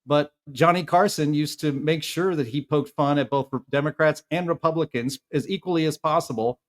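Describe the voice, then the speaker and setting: A man's voice: on the high side, fairly quick. Opinionated man in his fifties. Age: 50s. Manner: opinionated, animated commentary. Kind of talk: casual podcast chat.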